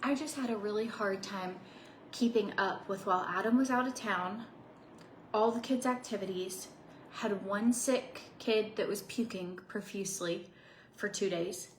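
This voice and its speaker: A bubbly woman in her thirties vlogs casually to camera, rambling with little laughs between thoughts. Her medium-pitched, mid-range voice bounces around an echoey home office, with a faint ambient hum underneath.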